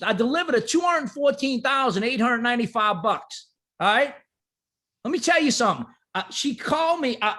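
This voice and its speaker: A man, an insurance agent telling an emotional client story in an emphatic, animated way that keeps checking in with "right?". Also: extremely high pitch.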